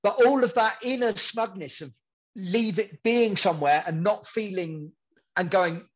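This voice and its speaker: A man with a high-sitting voice speaks at a measured pace over dull-sounding audio. He's a podcast guest telling stories candidly and conversationally, rambling, repeating himself, and acting out what people say.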